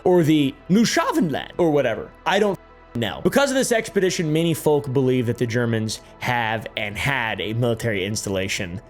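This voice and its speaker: A young man hosting a comedic commentary video, sarcastic with frequent joking asides. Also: medium pitch. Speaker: host.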